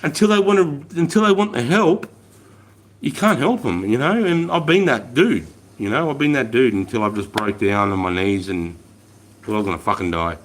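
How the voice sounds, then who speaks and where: A man's voice: medium pitch, normal speed. Profane Australian man on a livestream. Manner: profane, animated storytelling, swears constantly. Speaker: livestream host, army veteran. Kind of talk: casual livestream chat.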